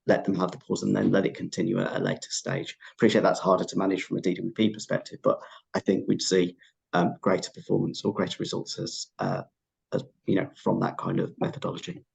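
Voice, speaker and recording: Deep gravelly man on a panel. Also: lively intonation, fast, a little mellow. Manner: earnest, discursive. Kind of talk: panel discussion answer.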